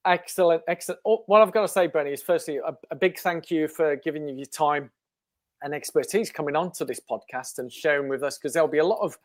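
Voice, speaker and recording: A man's voice: on the high side, quick pace, no echo. An English man hosting a podcast, chatty and enthusiastic in a casual interview. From England. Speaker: podcast host.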